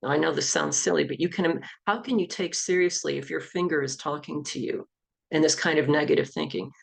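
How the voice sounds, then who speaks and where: A woman's voice: low-pitched, fairly quick, vocal fry. A middle-aged woman, an executive coach and hypnotherapist, explaining self-help techniques in an easygoing talk.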